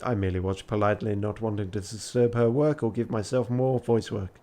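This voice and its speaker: A man's voice: fairly low pitch, steady tone, a little fast, warm tone. Tired man reading a game aloud, laughing. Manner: self-mocking, laughs often, swears. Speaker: charity streamer.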